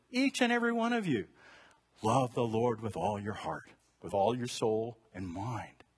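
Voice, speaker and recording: A middle-aged man preaching a sermon in a church, animated and joking, swinging between loud bursts and quiet prayerful lines. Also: mid-range voice, husky. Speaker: pastor. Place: church sanctuary.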